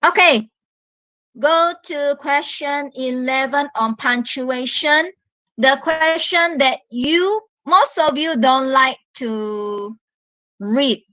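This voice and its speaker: A woman from Malaysia teaches an online English class at an unhurried pace, walking students through each answer with patient care. Her voice sits a little high, and the recording is close and dry. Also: bright, forceful tone, no echo, low-quality recording. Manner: slow, patient, explains step by step.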